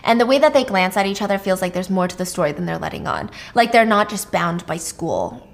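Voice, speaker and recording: A woman casually retelling a thriller's plot, animated and chatty, with frequent asides and the odd swear word. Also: mid-range voice, brisk, gravelly. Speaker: storyteller host. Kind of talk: casual storytime recap of a thriller.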